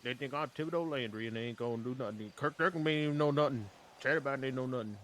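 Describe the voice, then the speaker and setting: A man's voice: mid-range voice, racing, a bit bright, close to an everyday voice. A man voicing a folksy Cajun swamp man with a put-on drawl and broken grammar, in a role-play game. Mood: boastful.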